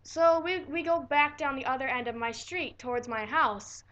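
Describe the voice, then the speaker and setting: A teenage girl telling a story in a casual vlog, animated and dramatic and swearing freely. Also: high-pitched, moderate pace. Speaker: vlogger.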